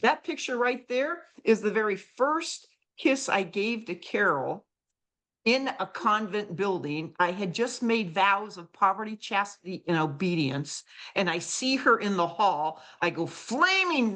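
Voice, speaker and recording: An older woman, a guest author on a talk show, telling her story in an animated way and acting out quoted voices. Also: mid-range voice, a little slow. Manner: acts out quoted voices, lively and exclamatory.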